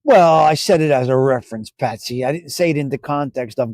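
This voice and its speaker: A man's voice: medium pitch, brisk, few pauses, darkish tone, no room sound, clean studio sound. A middle-aged man hosting a casual live stream, bantering loosely and profanely with viewers in the chat.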